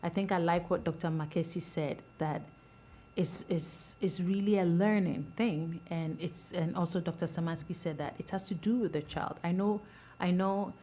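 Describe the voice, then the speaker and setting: A middle-aged woman on a school board speaking earnestly at a public meeting, rambling with many restarts and soft laughs. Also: fairly low pitch, fairly even intonation, moderate pace.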